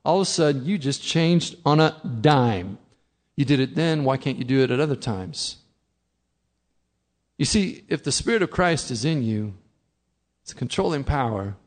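A man's voice: mid-range voice, animated, normal speed, pauses often. A middle-aged man preaching a sermon in a conversational way, acting out his listeners' objections. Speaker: pastor.

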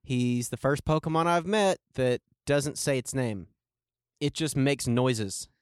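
A man from Louisiana co-hosting a podcast in casual chat, animated and joking, swearing freely. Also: mid-range voice, takes it slowly, clean tone, dry recording, clean studio sound. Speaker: podcast co-host.

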